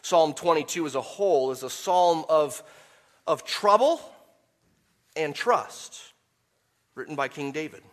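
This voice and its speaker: A man preaching a sermon, swinging from quiet, measured explanation to loud, impassioned peaks when he quotes scripture. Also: a little high, animated. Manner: impassioned preaching, rising to near shouts on quotes. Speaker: pastor.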